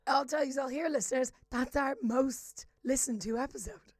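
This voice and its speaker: Woman, podcast co-host, hoarse and hungover, animated; slightly higher pitch, dry mic. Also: moderate pace, dry recording. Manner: animated, self-deprecating, jumps between whispering and loud exclamations. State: hoarse from karaoke screaming. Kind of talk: casual chat.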